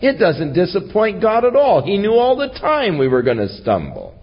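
A man preaching a sermon, teaching earnestly from scripture. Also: breathy edge. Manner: slow, earnest Bible teaching with lively rises in pitch. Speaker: pastor. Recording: lo-fi recording with long hall reverb.

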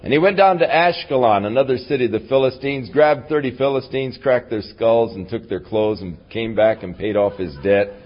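A man's voice: medium pitch, normal speed, few pauses, dull audio. A man teaching a Bible lesson as a folksy, conversational retelling. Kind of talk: casual Bible lesson storytelling.

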